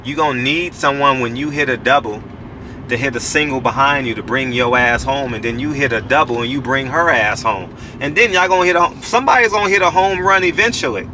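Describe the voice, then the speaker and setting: A man's voice: mid-range voice, brisk, sharp tone, slight background noise. A man in his forties giving casual motivational advice to other men, emphatic and profane, repeating himself for weight. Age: 40s. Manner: preachy, repetitive, profane and emphatic. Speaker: channel host giving life advice.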